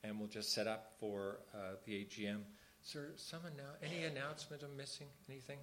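A man's voice: medium pitch, level tone, fairly quick, fairly bright tone, a little hiss or hum. This is a man addressing his church in an informal service. He talks earnestly, like a conversation, and repeats key phrases for emphasis. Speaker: church leader.

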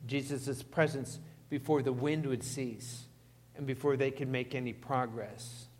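A man delivers a sermon from the pulpit at an ordinary male pitch. He stresses key words and keeps asking the congregation questions. His voice carries the long reverb of a large church hall. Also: fairly even intonation, measured pace, a little mellow. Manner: emphatic, asks the congregation questions. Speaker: pastor.

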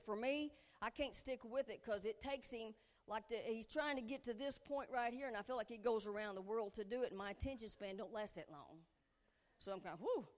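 Chatty woman preacher in a reverberant hall. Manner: animated, chatty, breaks into giddy high-pitched bursts. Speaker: woman preacher at a women's conference. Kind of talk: humorous storytelling sermon.

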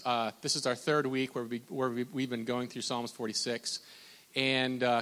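A man preaching a sermon in a relaxed, conversational way, having the congregation repeat lines after him. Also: mid-range voice. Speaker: pastor. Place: church hall. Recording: long hall reverb.

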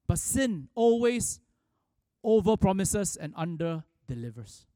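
A man's voice: sits high, animated, moderate pace, darkish tone, dry recording, clean studio sound. A man preaching a sermon, telling a story with frequent restarts and rising for emphasis. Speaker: pastor.

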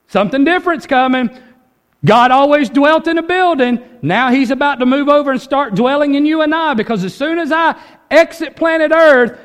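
A man preaching a sermon as pastor, urgent and conversational, dropping low then rising with force. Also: long reverb tail. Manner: urgent, conversational preaching with dramatic drops and rises.

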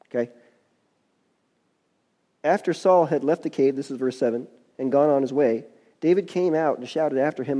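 A man's voice: mid-range voice, moderate pace, long pauses, warm tone. A man preaching a sermon, reading scripture and adding folksy, conversational asides.

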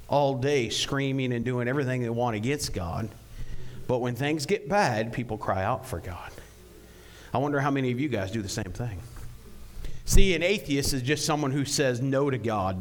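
A man preaching a sermon, telling jokes and stories with animated delivery and frequent rhetorical questions. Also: mid-range voice, normal speed. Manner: rhetorical questions, repeated "right?".

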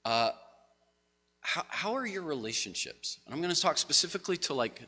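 A man's voice: fairly high pitch, very animated, normal speed, bright, forceful tone, slight background noise. A man giving a conversational, story-driven sermon to a congregation as pastor. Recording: long hall reverb.

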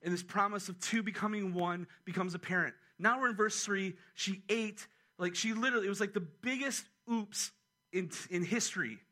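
Male pastor, lively chatty sermon delivery, bright and high-pitched. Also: normal speed. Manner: animated, conversational preaching with asides. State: a little out of breath.

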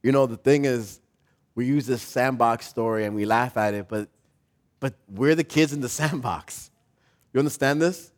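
A pastor preaching a sermon, telling a story with animation and putting questions to the congregation. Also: male voice, mid-range voice, normal speed, a bit bright.

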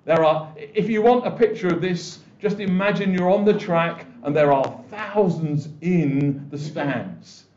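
Slightly high and a touch mellow, the pastor's voice moves a little slowly with few pauses. He preaches conversationally, often starting over and voicing the words of others. Sound is echoey and muted, as in a church.

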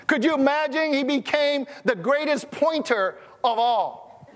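A man's voice: very high-pitched, moderate pace, fairly bright tone, long reverb tail. A man preaching as a pastor, telling stories in a conversational way and often restarting his sentences. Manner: conversational, storytelling, stammering restarts. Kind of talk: sermon.

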